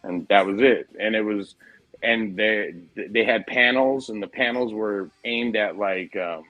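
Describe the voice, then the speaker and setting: Low-voiced profane man telling stories. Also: unhurried, no room sound, highs cut off. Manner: profane, rambling storyteller, says dude a lot. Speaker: podcast host. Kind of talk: casual chat.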